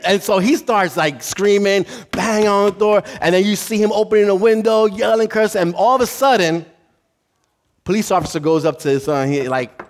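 A man's voice: high-pitched, normal speed. A man preaching a sermon, telling a story and acting out the people in it, laughing along. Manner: animated, acts out voices in a story, laughs at own jokes. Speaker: pastor.

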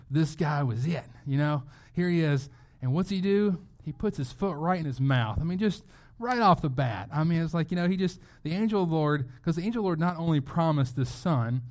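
A middle-aged man preaching a sermon in a casual, conversational way, acting out quotes from the people in his story. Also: on the high side. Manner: conversational, animated, acts out quotes. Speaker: pastor.

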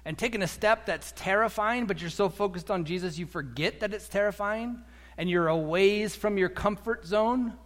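A man preaching a sermon as a pastor, animated, acting out quotes and repeating words as he goes. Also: high-pitched, normal speed. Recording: echoey hall.

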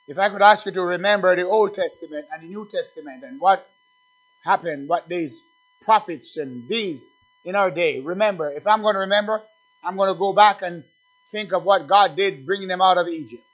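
High bright preacher man, fervent sermon. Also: a little fast, dull audio. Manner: swings between loud shouted declarations and low murmured asides. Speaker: pastor.

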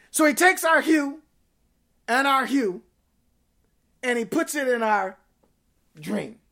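A woman preaches a sermon in a somewhat high voice, repeating phrases in a rhythmic build that climbs to shouts before falling to a hush.

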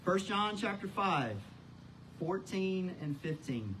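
A man's voice: sits high, sing-song, takes it slowly, fairly bright tone, a little hiss or hum, rough recording. A man preaching a sermon as pastor, building up to big emphatic lines on key words. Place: church.

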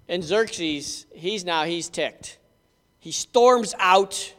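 A male preacher with a remarkably high, bright, clear voice slowly retells a Bible story, lively and conversational, in a dramatic storytelling sermon. He breaks off with asides to his listeners while a long hall reverb trails his words.

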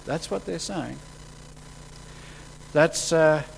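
Animated man preaching. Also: a little slow, a little hiss or hum, poor audio. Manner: animated, acts out quotes with sudden jumps in pitch and loudness. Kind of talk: sermon.

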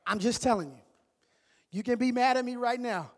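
A man preaching a sermon with playful, colloquial delivery, swinging from hushed asides to loud exclamations. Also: very high-pitched, normal speed. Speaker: pastor. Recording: long hall reverb.

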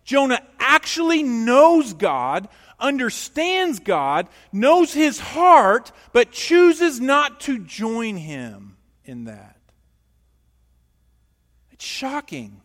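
A male pastor preaching a sermon, emphatic and animated, asking the congregation questions in a church. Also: very high-pitched, drawn-out words, long reverb tail.

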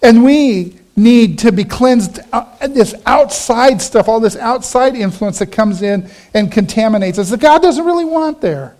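A middle-aged man, a pastor, giving a conversational sermon and telling a personal story, quoting friends in a lowered voice. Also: animated, unhurried, few pauses, a little mellow.

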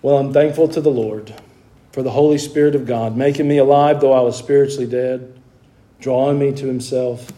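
A man's voice: mid-range voice, steady tone, fairly quick, warm tone. A middle-aged male pastor telling his own conversion story in a sermon, folksy and earnest, sometimes repeating words as he presses a point.

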